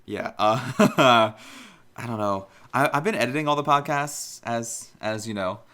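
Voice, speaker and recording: A man's voice: mid-range voice, animated, measured pace, sharp tone. A man in his twenties co-hosting a casual podcast, chatty and rambling. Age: 20s. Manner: chatty, rambling, self-conscious. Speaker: podcast co-host. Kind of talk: casual chat.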